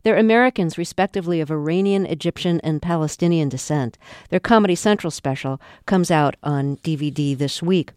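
Female radio host, smooth crisp voice, dry studio. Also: deep voice, a little mellow, no room sound. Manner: measured, curious questioning. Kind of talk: radio interview.

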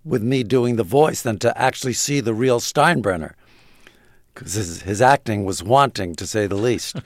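A man's voice: lowish voice, creaky, no room sound, clean studio sound. A man being interviewed, telling anecdotes with chuckles and hesitant fillers. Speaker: guest. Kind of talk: interview storytelling.

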